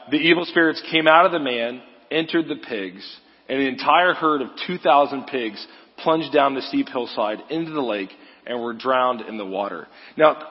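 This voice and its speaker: A man's voice: medium pitch, breathy edge. A man giving a casual, joking sermon as a guest preacher, talking in a loose, conversational way. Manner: casual, joking, uses "like" often. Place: church sanctuary. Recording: echoey hall, slightly dull sound.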